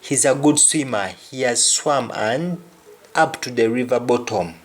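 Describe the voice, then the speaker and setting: A man's voice: mid-range voice, a little slow. A man teaching a language lesson, saying each example phrase several times and then translating it. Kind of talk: slow spoken lesson with spoken examples.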